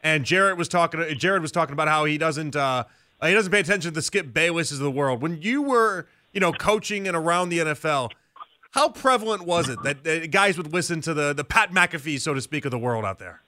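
A man's voice: a little high, lively intonation, a little fast, bright, forceful tone. A man from Chicago hosting a sports radio show, chatty and conversational as he questions a guest. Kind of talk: radio interview host.

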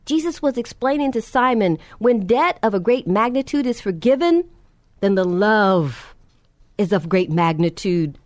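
A woman preacher delivers a sermon, retelling scripture with impassioned emphasis as her voice climbs in pitch at the key moments. She sounds animated, with a darkish tone and a measured pace, recorded at studio quality with no room sound.

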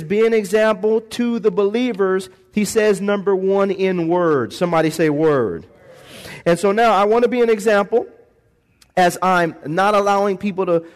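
A man preaching a sermon in a church, calling for responses from the congregation and swinging between quiet, slow lines and shouted bursts. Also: high voice. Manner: call-and-response preaching, shifts from soft to shouted. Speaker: pastor. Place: church sanctuary. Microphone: handheld or stand microphone.

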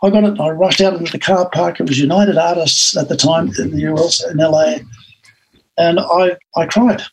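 Older Aussie male interview guest, husky and slightly high, an animated storyteller. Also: moderate pace, poor audio. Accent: Australian. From Australia. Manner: animated anecdotal storytelling with acted-out quotes.

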